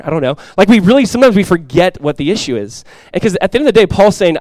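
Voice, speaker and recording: A man's voice: high voice, animated, very fast, hardly any pauses, a little mellow, no echo, low-quality recording. Casual-talking male pastor, dry sound. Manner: casual conversational preaching with many fillers. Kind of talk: sermon.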